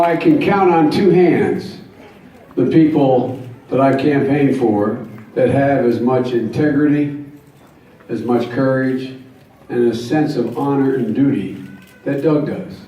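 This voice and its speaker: A man's voice: medium pitch, warm tone. A man in his seventies giving a campaign speech at a rally, telling folksy stories with jokes and earnest emphasis. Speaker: guest speaker at a campaign rally. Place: large convention hall. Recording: echoey hall, distant mic, faint noise.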